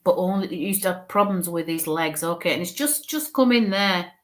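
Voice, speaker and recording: A brisk woman with a lowish voice works as a spirit medium, giving a live reading to viewers. She thinks out loud as she passes on what she senses, staying chatty and reassuring with frequent "okay" and "bless you."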